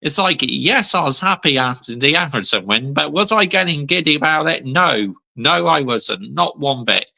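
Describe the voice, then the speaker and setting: A man's voice: medium pitch, gravelly, bright, forceful tone. A man in his thirties ranting on a fan vlog, heated and sweary, still seething after a defeat. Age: 30s. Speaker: football fan vlogger.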